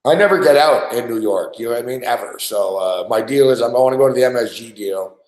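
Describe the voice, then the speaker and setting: A man's voice: medium pitch, expressive, fast, darkish tone. Profane, rambling man in echoey studio. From Quebec. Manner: loose and profane, lots of "like" and "you know what I mean". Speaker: sports betting show regular. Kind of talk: casual chat.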